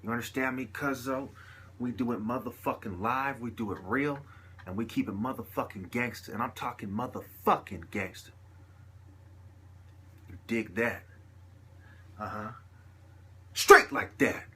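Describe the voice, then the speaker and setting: A man's voice: mid-range voice, measured pace, pauses often, pushed and bright, slight background noise. Brash swaggering gangster, as a man puts him on. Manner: brash, cussing, hyped. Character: swaggering young male street gangster.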